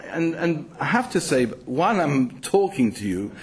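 A man's voice: on the high side, very animated, unhurried, slightly rough, full character voice. A man voicing a car navigation device that scolds and complains at the driver. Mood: nagging.

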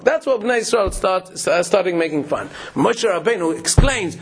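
Husky man teaching a Torah class. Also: high-pitched, expressive, normal speed, hardly any pauses. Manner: explains with questions, many restarts, frequent laughs. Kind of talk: Torah class explaining Rashi.

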